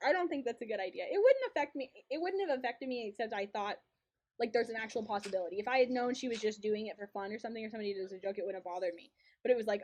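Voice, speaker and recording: A young woman with a fairly high voice, chatting away as she plays a game on stream. She tells a long story in a loose, rambling way, repeating herself and laughing often. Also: quick pace, darkish tone. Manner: chatty, laughs often, retells events with lots of repetition. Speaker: streamer and co-host. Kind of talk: casual storytelling while gaming.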